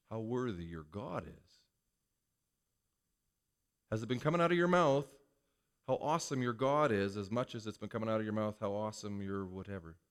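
A male pastor giving a conversational sermon, asking the congregation rhetorical questions. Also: fairly low pitch.

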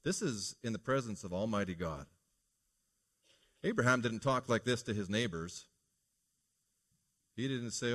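A man's voice: on the low side, animated, a little slow, long pauses, fairly bright tone. A man preaching a morning sermon as pastor, earnest and preacherly, putting rhetorical questions to his congregation.

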